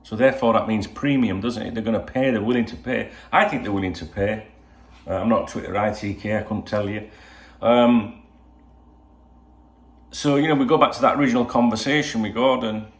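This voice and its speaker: A man's voice: lowish voice, steady tone, brisk. Rambling older man in a roomy room. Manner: rambling, full of "you know" asides. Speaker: football channel host. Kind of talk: casual solo video chat. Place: at home indoors. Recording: roomy home echo.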